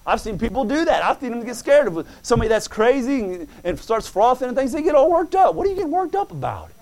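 Fervent high-voiced preacher man. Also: very animated, quick pace. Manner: fervent, swings from soft asides to loud exclamations; acts out quoted voices in dialogue. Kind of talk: sermon with scripture reading.

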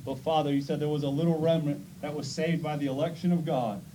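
A man's voice: fairly high pitch, steady tone, fast talker, distant mic, noisy background. A man preaching a sermon in a church, emphatic and conversational, firing rhetorical questions at the congregation.

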